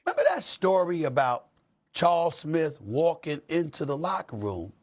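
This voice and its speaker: A man's voice: on the high side, expressive, normal speed. A middle-aged man hosting a heated sports debate, fiery and emphatic, hammering points with repetition. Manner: fiery, emphatic, repeats phrases for effect. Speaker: host.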